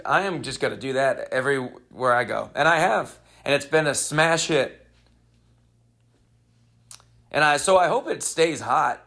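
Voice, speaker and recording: Man, comedy podcast host, gravelly voice, mid-pitched, rambling deadpan storytelling. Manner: rambling, deadpan, crude jokes. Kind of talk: casual storytelling monologue.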